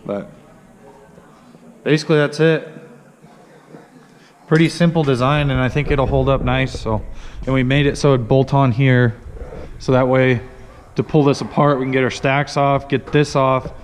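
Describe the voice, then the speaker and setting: A man talks through a truck build in a casual, rambling way, full of fillers and half-finished thoughts. His voice sits at an ordinary middle pitch. The shop adds a long reverb and a faint hum of ambience. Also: fairly even intonation, normal speed, pauses often. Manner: rambling, many fillers and restarts. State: hiccuping. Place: workshop.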